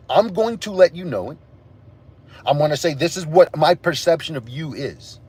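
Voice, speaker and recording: A man's voice: on the high side, a little mellow, husky. A man hosting a livestream, ranting angrily and profanely at his chat. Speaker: livestream host. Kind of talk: angry livestream rant to chat.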